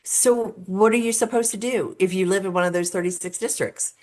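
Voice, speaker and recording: A middle-aged woman speaking as a guest in a podcast interview. She explains things earnestly and step by step, often pausing on "um". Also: medium pitch, a little mellow. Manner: earnest and explanatory, with frequent um fillers; talks through steps as if laying out a case. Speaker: guest, road safety advocate.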